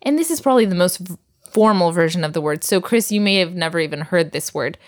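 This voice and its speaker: Patient woman teaching vocabulary, low voice. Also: animated, fast talker. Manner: patient, drills words, laughs often. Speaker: language teacher. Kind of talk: recorded language lesson.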